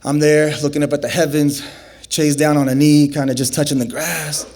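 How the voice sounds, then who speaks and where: A young man tells a personal story to a festival crowd from the stage. His voice sits a little on the high side. He acts out every exchange with lively, animated swings and climbs into excited shouts when the story peaks.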